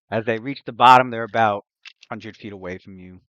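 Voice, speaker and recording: A man narrating a tabletop game as game master, halting and correcting himself as he searches for words. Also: on the low side, fairly even intonation, a bit bright, dry recording. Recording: dull lo-fi recording.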